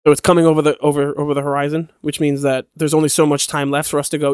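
A man's voice: on the high side, flat delivery, darkish tone, clean tone, no room sound, studio quality. A man in his thirties co-hosting a podcast, talking in casual chat and giving opinions bluntly with plenty of swearing. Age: 30s. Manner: fast, opinionated, heavy swearing. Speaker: podcast co-host.

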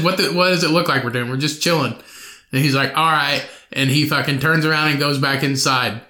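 Young male podcast host, loose and profane, slightly high, bright tone, echoey room. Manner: profane, rambling, animated storytelling with laughs. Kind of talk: solo podcast storytelling.

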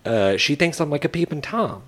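A man's voice: fairly high pitch, a little fast. A man in his thirties telling a story in casual podcast chat, acting out the people in it. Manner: animated storyteller acting out quoted voices. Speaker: podcast co-host.

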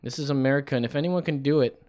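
A man's voice: mid-range voice, rapid-fire, darkish tone. Male comedian podcast host, joking, provocative, casual.

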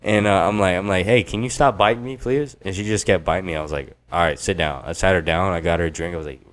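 A man's voice: low voice, fast, a bit bright. A man telling rambling, profane stories in a casual podcast chat, full of filler words. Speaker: podcast guest.

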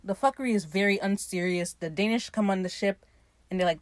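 A woman hosting a podcast, casually recapping a TV episode in an animated, gushing, profane way. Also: medium pitch, a little fast, no room sound. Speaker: podcast host.

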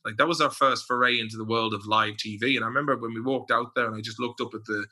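A man's voice: mid-range voice, fairly even intonation, fast, pushed and bright. An Irish man, a podcast guest, telling stories in casual chat, swearing and acting out quotes. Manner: storytelling, profane, with acted-out quotes.

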